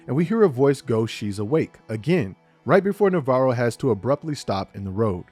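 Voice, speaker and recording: Animated man casually recapping a TV episode. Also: medium pitch. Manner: lively, casual and joking, swears freely. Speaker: TV recap reviewer.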